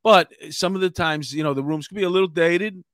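A man's voice: sits high, brisk, a bit bright, dry recording, studio quality. A middle-aged man with a New York accent, hosting a casual chat show and rambling with many fillers. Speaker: podcast host.

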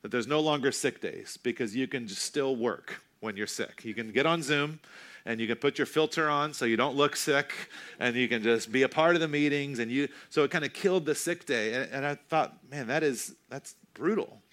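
A man in his thirties preaching a sermon in a conversational, self-deprecating way, slowing down for emphasis. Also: mid-range voice, a bit bright. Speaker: pastor.

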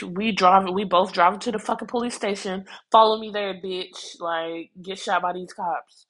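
Young woman, twenties, husky, stuffy with sniffles, animated casual ramble, swears, says y'all. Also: fairly low pitch, poor audio. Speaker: vlogger.

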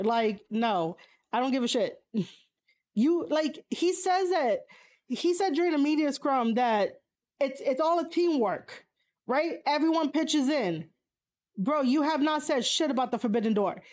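A woman's voice: expressive, measured pace, darkish tone. Blunt, profane woman ranting casually. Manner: blunt and profane, frequent fillers; laughs and jumps to high exclamations. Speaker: streamer reading chat. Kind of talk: casual opinionated chat.

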